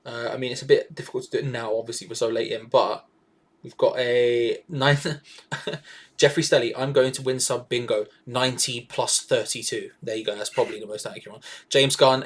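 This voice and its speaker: Young man, husky voice, laid-back, jokey, casual live chat co-host. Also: medium pitch, steady tone, fairly quick. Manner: laid-back, laughs often, joking. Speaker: co-host of a fan watch-along.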